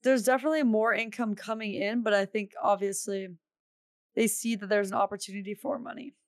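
A woman's voice: medium pitch, steady tone, brisk, dry recording, clean studio sound. A woman co-hosting a casual gaming podcast, teasing her partner and giving blunt opinions. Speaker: podcast co-host.

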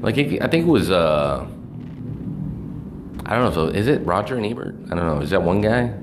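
Casual vlogger, male, low register, swears constantly and rambles with restarts; faint room noise. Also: a little fast. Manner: profane, rambling, animated. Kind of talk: casual movie review rant.

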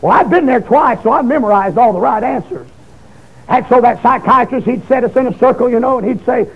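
A man preaching his testimony, emotional, swinging from shouts down to hushed low tones. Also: a little fast, vocal fry, slightly rough. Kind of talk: fiery testimony sermon. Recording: dull lo-fi recording.

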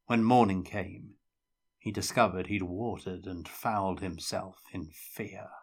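A man reading a fantasy novel aloud in a measured, dramatic storytelling manner. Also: sits low, steady tone, husky. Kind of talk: audiobook-style fiction reading.

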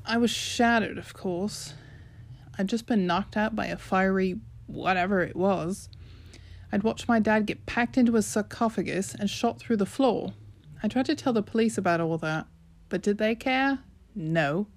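A woman's voice: medium pitch, moderate pace, natural voice. A woman with a British accent voicing a brash, sarcastic teenage girl narrating her own story, chatty and sarcastic. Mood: cheeky.

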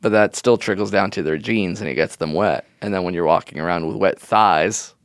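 A man co-hosting a casual comedy podcast, rambling through absurd theories with a deadpan delivery and lots of "like". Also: deep voice, brisk, no echo, clean studio sound. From Miami. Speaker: podcast co-host.

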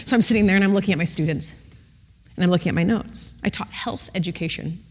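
A woman in her thirties telling a personal story to a church audience, animated, acting out the people she quotes. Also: fairly low pitch, fast talker. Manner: animated, acts out quotes with voices. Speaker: speaker giving a testimony. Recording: long reverb in a large hall.

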